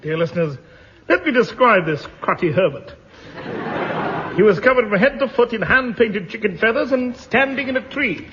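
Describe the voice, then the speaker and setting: An actor playing an excitable, bumbling adventurer who narrates to the listeners in a theatrical 1950s radio comedy. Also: male voice, normal speed. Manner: shrill and theatrical, addresses the listeners. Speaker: hapless hero and narrator. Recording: muffled old radio broadcast, loud studio audience and hiss.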